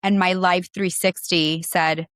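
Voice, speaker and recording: A woman's voice: fairly low pitch, fairly even intonation, slow pace, fairly bright tone, clear, resonant tone, no room sound, studio quality. A woman co-hosting a podcast in casual chat, emotional and rambling, with many restarts and trailing thoughts. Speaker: podcast co-host.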